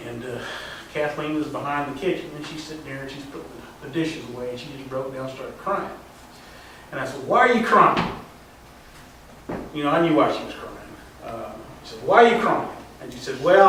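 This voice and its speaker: Man, middle-aged, folksy storyteller, halting with fillers, distant mic, faint background noise. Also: fairly high pitch, a bit bright. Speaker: storyteller at a tall-tale contest. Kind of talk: spoken storytelling to a live audience. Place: contest stage in a hall. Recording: distant, echoey hall recording.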